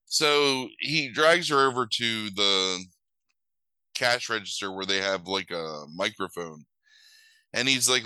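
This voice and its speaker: This man is sick with a cold, and he talks through a film plot in loose, profane podcast chat, stopping often to fix his own story. His voice sits low but sounds bright and crisp. The mic is close and dry. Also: animated, slow, no room sound, low-quality recording. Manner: rambling, crude, self-correcting retelling. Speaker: podcast co-host recapping a film.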